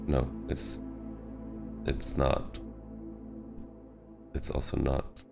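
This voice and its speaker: Over game music, a Swiss game streamer with a Swiss accent casually comments on the game he's playing, thinking aloud and mocking himself. His voice is very deep and monotone with vocal fry, and he talks extremely slowly.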